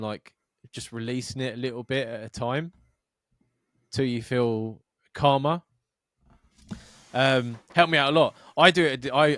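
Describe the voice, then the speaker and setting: A man's voice: medium pitch, a bit bright, dry recording, clean studio sound. A man co-hosting a podcast in casual chat, swearing often and acting out voices in his rambling stories. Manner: sweary, rambling storytelling with acted-out quotes. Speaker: podcast co-host.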